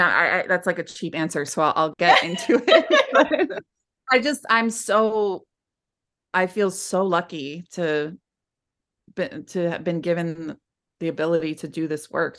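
A woman's voice: fairly low pitch, fairly bright tone. A woman guest on a podcast, speaking candidly in a heartfelt, rambling way with many restarts. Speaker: podcast guest, former client. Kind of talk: candid conversational interview.

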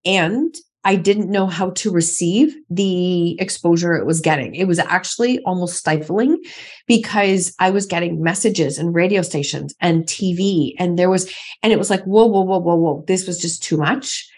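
A middle-aged woman speaks candidly as a podcast guest, her voice gravelly with a husky edge. She tells her story emphatically and keeps circling back to the same phrases to drive a point home. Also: lowish voice, normal speed. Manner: emphatic, repeats phrases for stress.

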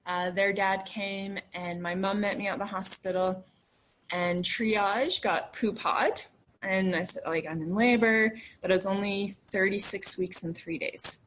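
A woman's voice: medium pitch, husky. A woman in her thirties telling a story about giving birth to her twins in casual conversation. She talks in a chatty way, laughs often and acts out the voices of the people she quotes.

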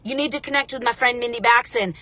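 A woman in her thirties hosting a casual motivational talk, chatty and direct with viewers, congested from allergies and clearing her throat. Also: on the high side, fast talker, pushed and bright, dry recording. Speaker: motivational livestream host.

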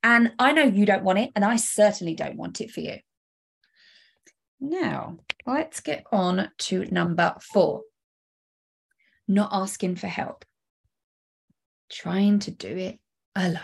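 A woman's voice: medium pitch, slow pace, creaky, pauses often, slightly rough. A woman hosting a solo coaching podcast, talking energetically and emphatically straight to the listener. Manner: energetic, emphatic, direct address with rhetorical questions.

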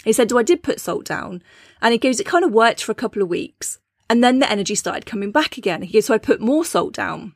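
A woman's voice: on the high side, animated, quick pace, slightly rough, no echo, clean studio sound. A woman hosting a talk on witchcraft, speaking in a chatty, anecdotal way and laughing often. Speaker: podcast host. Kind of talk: casual spiritual teaching talk.

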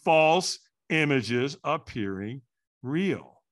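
A man with a bright, forceful voice tells a story as a podcast guest. His pitch sits a little high and swings widely as he acts out what people said, sometimes jumping to a shout. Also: very slow. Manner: animated, acts out quotes with sudden shouts.

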